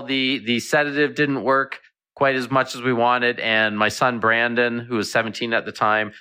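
Man, radio guest, veterinarian, chatty storyteller, bright crisp tone. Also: mid-range voice. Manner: chatty storyteller, repeats words. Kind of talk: casual radio interview.

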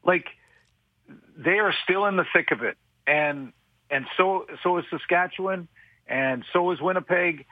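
A man giving football analysis on a radio talk show, halting and restarting often, with a dry sarcastic streak. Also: high voice, dry recording. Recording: tinny phone line, dry.

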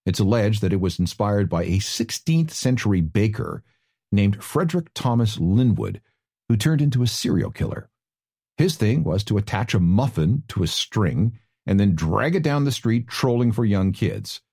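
A man's voice: lowish voice, very animated, moderate pace, vocal fry, darkish tone, husky. A man hosting a radio talk segment, telling stories with wry asides. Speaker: radio host.

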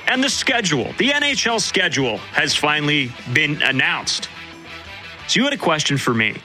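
A man in his twenties hosting a sports radio show, reading sponsor plugs and chatting in quick, upbeat banter. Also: fairly high pitch, very animated, bright, forceful tone, soft background music. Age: 20s. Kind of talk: casual sports radio chat.

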